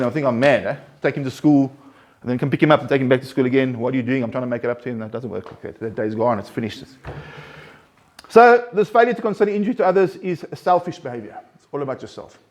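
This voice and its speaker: A man counseling a recovery group, talking earnestly and conversationally, often restarting and pressing his points with rising emphasis. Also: on the high side. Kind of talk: informal group talk.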